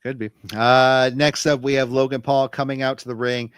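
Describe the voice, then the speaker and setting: A man's voice: medium pitch, flat delivery, normal speed, fairly bright tone, clean tone, dry recording. Guy rambling thru a wrestling recap, lots of uh's, dry close mic. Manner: loose storytelling, many fillers and restarts. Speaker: podcast co-host. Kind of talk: casual wrestling recap chat.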